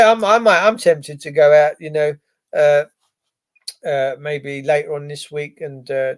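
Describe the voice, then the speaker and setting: A man hosting a live stream, ranting casually with heavy swearing and sarcasm, rambling between topics. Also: a little high. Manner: profane, sarcastic, wandering. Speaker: live-stream host reading chat.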